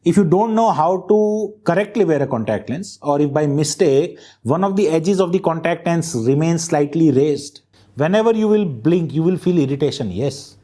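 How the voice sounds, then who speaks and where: A man's voice: fairly high pitch, animated, normal speed, dark tone. A man giving a medical lecture, stressing key terms and often checking in with his students. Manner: emphatic, keeps checking in with the class. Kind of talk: classroom lecture.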